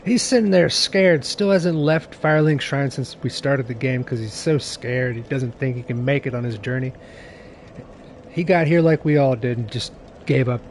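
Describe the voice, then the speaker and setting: A man's voice: mid-range voice, moderate pace, a little hiss or hum. A man streaming a video game, talking in a playful, joking, sometimes profane way. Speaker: gaming streamer. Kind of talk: casual let's-play commentary.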